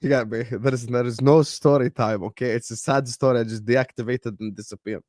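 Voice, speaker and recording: A young man hosting a football watchalong stream, chatting casually in a rambling, joking way with slang and swearing, sometimes mumbling low in mock sadness and sometimes shouting at the match. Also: fairly even intonation, brisk, no room sound, studio quality. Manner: drops to low mock-sad mumbles, then loud bursts at match action. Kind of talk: casual live-stream chat.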